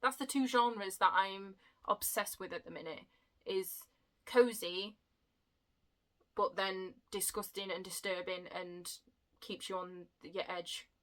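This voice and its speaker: A woman in her young adult years talks to her viewers in a chatty, excitable way and laughs at her own stumbles. Her voice is bright and clear. She is a book vlogger, speaking casually to the camera. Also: medium pitch, takes it slowly, rough recording.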